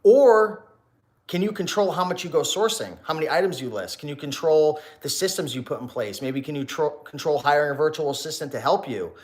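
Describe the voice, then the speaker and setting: In a brisk, high voice, a man runs a casual livestream as a reseller YouTuber. His tone toward viewers is preachy, full of rhetorical questions and restarted words.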